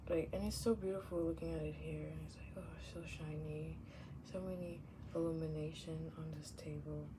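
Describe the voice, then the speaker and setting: A woman vlogger chatting casually and meanderingly, leaning on "like" constantly and sometimes dropping into soft whispers. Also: low voice, fairly even intonation, brisk. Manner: meandering, heavy use of "like", drifts into soft whispers, laughs often. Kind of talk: casual rambling chat. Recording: clearly audible background noise.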